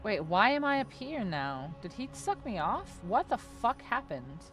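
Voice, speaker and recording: A woman's voice: mid-range voice, sing-song, a little slow, fairly bright tone, soft background music. A woman casually chatting while playing a video game with a friend, dry and self-mocking. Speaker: co-host streaming a game. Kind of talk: casual gameplay chat.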